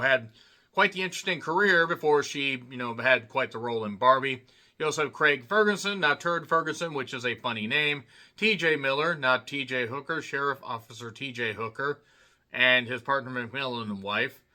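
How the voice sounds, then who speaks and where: A man's voice: medium pitch, bright, forceful tone. A man reviewing a movie in a casual spoken style, full of sarcastic, joking asides.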